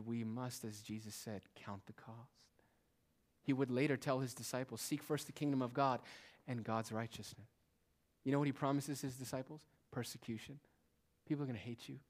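In a church, a male pastor delivers a sermon at a medium pitch, moving back and forth between soft, hushed lines and loud, emphatic ones.

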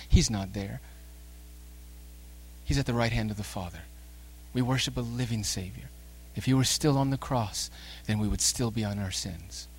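Preaching at an everyday pitch with a slightly rough voice, a man delivers a sermon that sinks into soft, slow stretches. Then he builds to loud, emphatic bursts, calling his listeners sinners and urging them on.

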